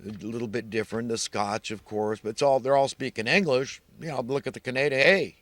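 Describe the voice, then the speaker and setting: A man's voice: mid-range voice, fairly even intonation, fast talker, no echo. A middle-aged American man giving an earnest, rambling moral monologue, repeating himself and restarting his phrases. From United States. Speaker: vlogger.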